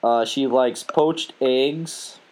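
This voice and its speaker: A man's voice: medium pitch, very slow, darkish tone. A young man hosting a podcast, joking around crudely and swearing freely. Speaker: podcast host. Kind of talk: casual podcast banter.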